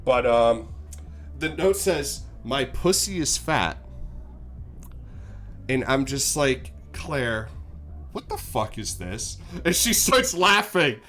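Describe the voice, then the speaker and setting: A man's voice: fairly high pitch, a bit bright. A young man streaming, telling a rambling, profane, self-deprecating story in a casual way into a desk mic.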